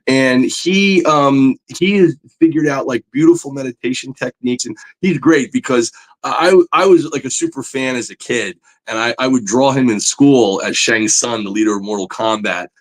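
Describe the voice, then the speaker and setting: A man, a comic book artist, chatting as a guest in an interview, telling stories with lively enthusiasm and many fillers. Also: mid-range voice, moderate pace. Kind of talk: casual interview storytelling.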